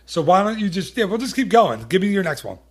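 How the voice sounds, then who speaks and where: A man's voice: high voice, big pitch swings, fast. A man hosting a podcast in casual chat, rambling and teasing, with many restarts. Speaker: podcast host.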